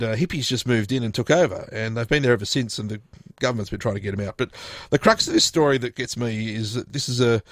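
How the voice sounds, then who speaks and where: A man's voice: mid-range voice, no echo, clean studio sound. A man presenting a radio show, chatting casually through odd news stories in a rambling, jokey way with lots of restarts. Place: radio studio.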